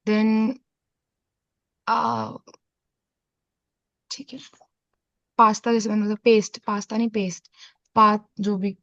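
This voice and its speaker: A woman's voice: on the high side, flat delivery, rapid-fire, gravelly, long pauses, a bit bright, no room sound. A woman teaching a French lesson, explaining step by step and mixing Hindi with English. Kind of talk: online class lesson. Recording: dull, dry, lo-fi audio.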